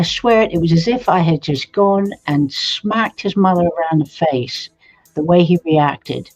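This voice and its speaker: Husky-voiced woman telling a story. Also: lowish voice, unhurried. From England. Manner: animated, laughs while telling stories. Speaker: co-host. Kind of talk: casual storytelling on a live stream. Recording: dull lo-fi stream audio.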